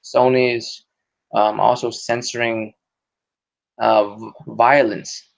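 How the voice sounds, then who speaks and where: A man's voice: mid-range voice, flat delivery, takes it slowly, gravelly, long pauses. A man hosting a podcast in casual, profane, rambling chat with many restarts. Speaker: podcast host. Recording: dull lo-fi audio.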